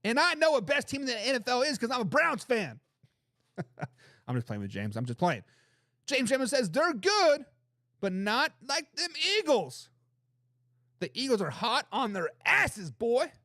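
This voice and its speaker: A man's voice: very high-pitched, moderate pace, dry recording, clean studio sound. A man hosting a football talk show, arguing emphatically and reading chat comments. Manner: emphatic, animated and opinionated, repeats phrases for emphasis.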